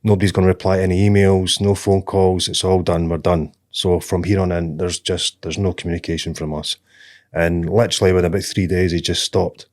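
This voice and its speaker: A man co-hosting a business podcast, speaking in a calm, plain-spoken, measured way. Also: low voice. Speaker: podcast co-host. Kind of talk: casual chat.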